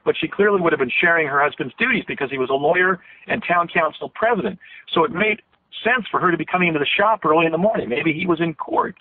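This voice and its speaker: A man's voice: fairly high pitch, fast talker, slight background noise. A man in his fifties, an interview guest telling a long story in an earnest, rambling way with many restarts, heard over a phone line. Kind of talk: earnest storytelling on a call-in radio show. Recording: tinny phone line, dry.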